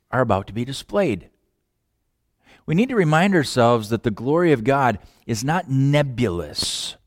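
A man preaching a sermon, with long pauses, shifting between loud emphatic lines and hushed quiet ones. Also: on the high side, no echo, studio quality. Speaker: pastor.

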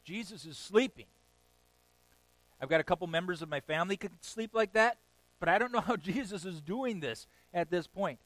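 A man delivers a sermon in a slightly high voice, recorded close and dry with no room sound. He tells the story with animated swings, punching words loudly and chuckling between points. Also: normal speed, dry recording, rough recording. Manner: animated storytelling with sudden loud bursts and chuckles. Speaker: pastor.

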